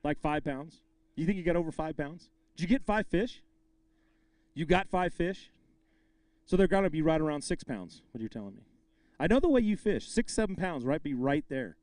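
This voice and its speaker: A man with a high, smooth voice emcees a fishing tournament weigh-in. He jokes with the anglers and shouts the weights out with excitement. The sound is close and dry. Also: moderate pace, no room sound. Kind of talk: live weigh-in announcing.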